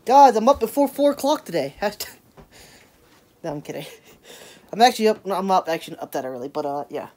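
A woman's voice: lowish voice, lively intonation, fairly quick, long pauses, warm tone. A woman, chatting in a casual, rambling vlog, full of laughing asides and "hashtag" quips. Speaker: daily vlogger.

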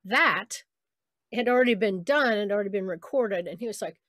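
A woman voice actress chatting on a video call, telling lively stories about her work and slipping into the voices of people she quotes. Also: mid-range voice, normal speed, dry recording, clean studio sound. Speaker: voice actress guest. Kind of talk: casual interview on a video call.

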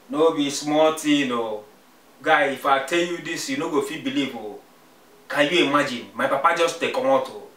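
A man's voice: on the high side, pushed and bright. A man with a Nigerian accent playing a defiant, party-loving young son who talks back to his father. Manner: cheeky, defiant back-talk. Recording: echoey room, mic far off, faint music.

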